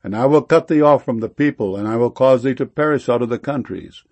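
A man giving a solemn scripture reading in a slow, measured way. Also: medium pitch, a little mellow. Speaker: scripture reader.

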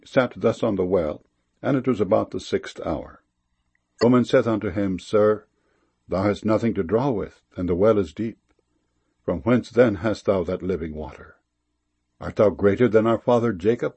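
A man giving a solemn, measured scripture reading with a gravelly, husky voice. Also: lowish voice, warm tone. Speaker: scripture reader.

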